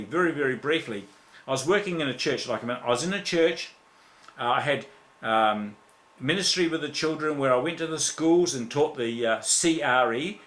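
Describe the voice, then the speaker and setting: Aussie guy preaching, bright forceful voice, repeats himself a lot, echoey room. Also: on the high side. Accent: Australian. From Australia. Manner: repetitive, emphatic declarations with many fillers and restarts. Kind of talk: impassioned sermon.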